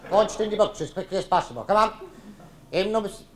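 A man's voice: high voice, fast, roomy sound, close to an everyday voice. A man doing a strict, scolding headmaster. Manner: clipped, scolding schoolmaster tone.

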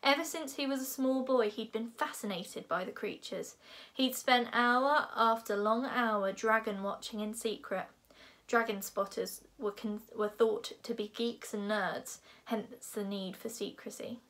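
A woman reading a children's novel aloud in a lively, expressive way. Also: a little high, a little slow. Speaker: reader.

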